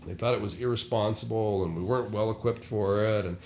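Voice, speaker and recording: A man's voice: on the low side, fairly even intonation, a little fast, a little mellow, a little hiss or hum. A man who leads church worship, speaking candidly in a casual podcast conversation and acting out the people he quotes. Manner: candid storyteller, acts out quoted voices. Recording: roomy echo.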